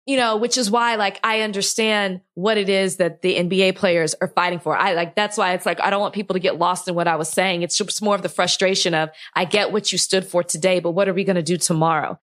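A woman's voice: on the low side, steady tone, quick pace, hardly any pauses, fairly bright tone. A woman co-hosting a podcast, speaking with passionate frustration and close to tears. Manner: impassioned, frustrated, on the verge of tears. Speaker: podcast co-host. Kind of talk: casual chat.

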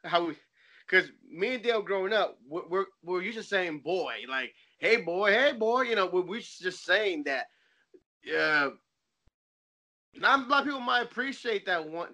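A man's voice: sits high, animated, moderate pace, pushed and bright. A man in his forties hosting a podcast, chatting casually and rambling through loose stories. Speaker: podcast host. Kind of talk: casual chat.

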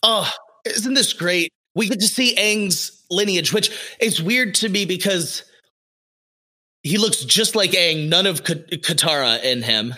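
A man co-hosting a podcast, chatting casually and excitedly about a cartoon series with lots of fillers. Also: sits high, measured pace. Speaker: podcast co-host.

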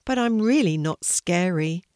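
Woman voicing a gentle kindly dragon. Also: lowish voice, measured pace, no room sound, studio quality. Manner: calm, kindly. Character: gentle young male dragon.

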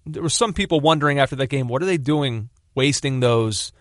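A man's voice: medium pitch, a little fast, dry recording, studio quality. A man co-hosting a podcast in casual sports chat, talkative and teasing, with plenty of filler words. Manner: teasing, chatty, lots of fillers like kinda and like. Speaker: podcast co-host.

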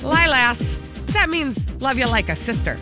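A woman's voice: high-pitched, sing-song, measured pace, music in the background. A woman voicing a bubbly teenage girl reading her note aloud, in an exaggerated, sing-song put-on mix of Chicago and Fargo accents. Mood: chirpy. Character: teen girl pen pal, bubbly, thick Midwest accent.

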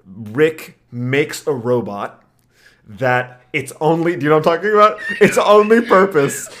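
A man co-hosting a casual podcast chat, telling stories in an animated way and laughing often. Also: mid-range voice, unhurried. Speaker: podcast co-host.

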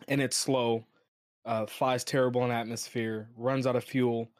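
A man's voice: medium pitch, level tone, unhurried, a little mellow, no echo, clean studio sound. A man on a gaming podcast, giving blunt, opinionated takes in casual chat.

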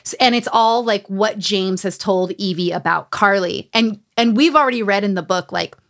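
A woman hosting a casual podcast chat, retelling a memoir with lively, animated storytelling, acting out the quotes and swearing freely. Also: mid-range voice, normal speed. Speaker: podcast host recapping a memoir.

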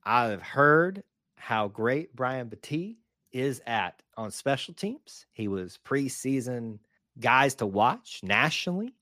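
A man's voice: mid-range voice, very animated, takes it slowly, bright, forceful tone, dry recording, clean studio sound. A man co-hosting a sports podcast, chatting casually with jokes and frequent restarts. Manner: jokey, hesitant restarts. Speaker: podcast co-host.

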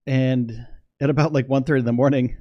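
A young man talks on his livestream in a loose, rambling way, full of fillers and restarts, and bubbles over with excitement. His voice sits at an ordinary middle pitch. The sound is dry and close, with no room echo. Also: brisk, dull audio. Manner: rambling, excitable, laughs often. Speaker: space news livestreamer. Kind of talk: casual livestream chat.

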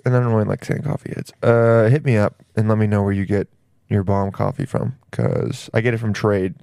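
A man's voice: fairly low pitch, a little mellow, no room sound. A man hosting his own podcast, rambling casually in slang and calling the listener "dude". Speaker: podcast host. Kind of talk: casual solo podcast monologue.

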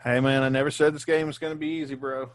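A man's voice: mid-range voice, level tone, quick pace. A man hosting a podcast, reading posts aloud in an easygoing way and chuckling as he goes. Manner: easygoing, laughs while reading. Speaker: podcast host.

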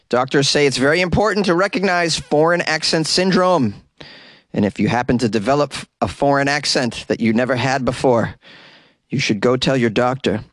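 A man's voice: mid-range voice, no echo. A man hosting a comedy news podcast, reading with wry asides and stumbling over hard words. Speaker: podcast host. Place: closet.

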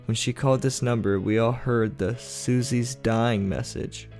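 A man hosting a podcast, reading creepy tales in a slow, measured storytelling delivery. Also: mid-range voice, darkish tone, faint music behind. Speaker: podcast host and narrator. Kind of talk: scripted narration of creepy tales.

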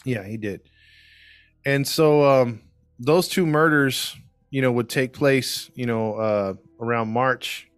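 A man of middle pitch tells a case in a loose, rambling way, full of fillers and restarts. His voice is recorded dry and close. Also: slow pace, smooth, no echo, faint music behind. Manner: rambling, filler-heavy storytelling. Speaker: podcast host and case narrator. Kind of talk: casual true crime chat.

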